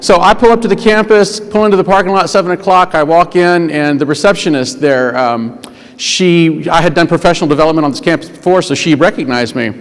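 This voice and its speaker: A man giving a humorous storytelling keynote speech, animated and acting out the voices he quotes. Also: a little high. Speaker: conference keynote speaker. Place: large conference hall. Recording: long reverb of a large hall.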